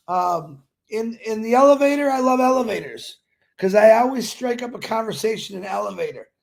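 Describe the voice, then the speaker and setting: A man's voice: sits high, vocal fry, husky. A man hosting a daily live stream, greeting viewers by name and chatting in an upbeat, rambling way.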